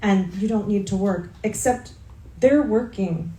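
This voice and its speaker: Relaxed woman author, echoey room. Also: mid-range voice, unhurried. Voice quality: relaxed, hedging with "sort of". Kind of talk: casual chat at bookstore event. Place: bookstore event room. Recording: roomy hall, faint background noise.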